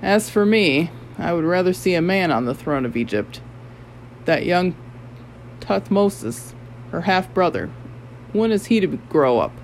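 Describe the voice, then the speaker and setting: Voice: mid-range voice, very animated, unhurried, long pauses, slight background noise, rough recording. An audiobook narrator voicing a blustering male ship captain who grows frightened and agitated. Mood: grumbling. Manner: agitated, exclaiming. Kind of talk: audiobook character voice.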